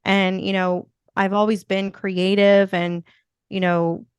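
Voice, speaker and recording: A woman with a Philadelphia accent talks in a smooth, resonant voice, upbeat and rambling, with plenty of "you know" fillers. She sits as a guest in a relaxed interview chat. The sound is close and dry, with no room around it. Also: mid-range voice, slow, no echo. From Philadelphia, USA. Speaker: podcast guest, motivational speaker.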